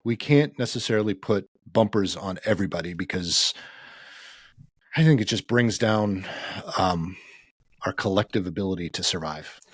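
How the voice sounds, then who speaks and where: Easygoing lowish-voiced man, dry close sound. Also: slightly rough, no room sound. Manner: easygoing, frequent agreeing backchannels, measured opinions. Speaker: guest co-host. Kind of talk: casual chat.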